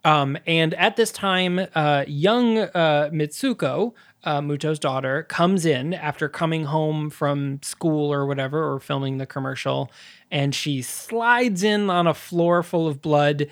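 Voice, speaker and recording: Um homem apresentando um podcast de cinema em conversa casual, resumindo um filme com muitas hesitações e risadas. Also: male voice, a little high, a little slow. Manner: rambling recap with many fillers and laughs. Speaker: podcast co-host. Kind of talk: casual movie podcast chat.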